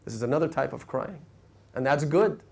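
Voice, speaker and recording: A male preacher delivering a lecture in a fairly high voice. He tells stories with feeling, climbing to passionate peaks and then falling to quiet, hushed lines. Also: animated, brisk, creaky, slightly rough. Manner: storytelling, rising to emotional peaks and dropping to hushed tones. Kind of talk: sermon lecture. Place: mosque lecture hall.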